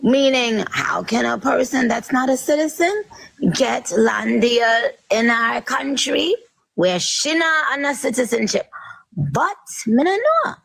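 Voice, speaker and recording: A woman talks in a relaxed, halting way, circling back and restarting her phrases as she thinks. Her voice has a gravelly fry, and the sound is dry and close with little room. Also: a little high, dry recording, poor audio. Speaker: interviewee in a played clip. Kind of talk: casual conversation.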